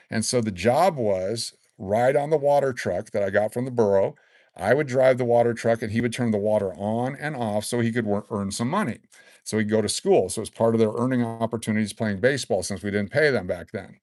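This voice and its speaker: Man in his sixties, livestream host, rambling and excitable, mid-pitched, dry close sound. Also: normal speed, no room sound. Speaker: livestream host giving away collectible cards. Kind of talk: casual live-stream chat.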